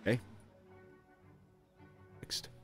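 A man's voice: extremely slow, faint music behind. A man casually walking through a strategy game, reading on-screen text aloud with frequent fillers and dry offhand asides. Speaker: gameplay video host.

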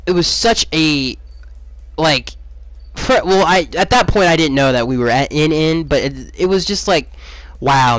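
A man with a slightly high voice gives a rambling, excitable recap of a football game. The recording is close and dry, with no room sound. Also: dry recording. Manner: rambling and excitable, swaps swears for "crapping". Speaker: football fan giving his take.

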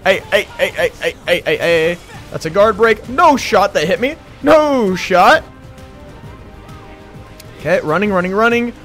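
A man commentating his own gameplay while sick and losing his voice, excitable and hoarse, repeating short calls as he plays. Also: sits high, soft background music. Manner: excitable, quick reactions, repeats short phrases. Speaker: gaming YouTuber.

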